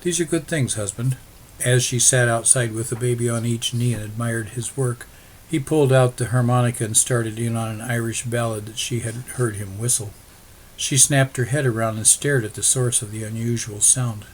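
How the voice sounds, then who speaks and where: A man's voice: mid-range voice, level tone, moderate pace, slight background noise. Man steadily narrating a story. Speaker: audiobook narrator. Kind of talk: scripted narration.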